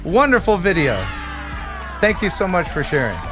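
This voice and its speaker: An American man hosting a live stream, telling puns and reading sponsor plugs in a jokey, animated way. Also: high voice, normal speed, music in the background. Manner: animated, punning, jokey delivery. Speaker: host. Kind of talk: live stream chat with jokes and sponsor reads.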